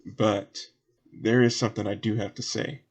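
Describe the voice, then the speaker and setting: A man's voice: on the low side, steady tone, normal speed, slightly rough. A man with a Southern US accent voicing a sleepy, easygoing female town guard with a folksy drawl.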